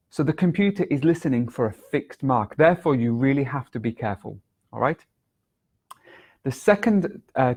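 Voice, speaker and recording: A man gives a video lesson as an English exam tutor, his medium-pitched voice a little mellow. He talks clearly and deliberately and exaggerates his intonation to demonstrate.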